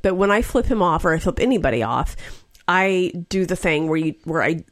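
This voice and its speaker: A woman's voice: brisk, no echo, studio quality. A woman in her forties co-hosting a casual podcast chat, telling a story and acting out what others said. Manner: animated storyteller, acts out quotes with big pitch jumps. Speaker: podcast co-host. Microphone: podcast microphone.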